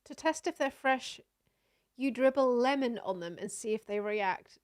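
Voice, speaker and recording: A young woman is streaming and chatting casually as she reacts to videos, laughing a lot and letting out loud, disgusted exclamations. Her voice sits on the high side and she talks at a normal speed.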